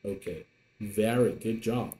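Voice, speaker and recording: A man's voice: on the low side, slow, mellow. A man teaching an online lesson in English, patient and repetitive, with many fillers. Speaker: Mandarin teacher.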